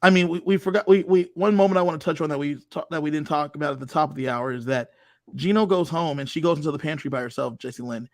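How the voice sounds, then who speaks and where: A man's voice: fairly high pitch, no echo, clean studio sound. A man co-hosting a casual podcast, talking emphatically about the show. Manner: emphatic, quick to agree. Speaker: co-host. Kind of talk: casual podcast recap chat.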